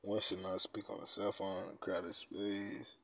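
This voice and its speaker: A man hosting a casual podcast, reading quiz questions aloud and reacting in profane slang, dropping to mumbles and then bursting out loud. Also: low voice, flat delivery, moderate pace, vocal fry, no room sound. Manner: laid-back, profane slang, swings from mumbling to loud outbursts. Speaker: podcast host.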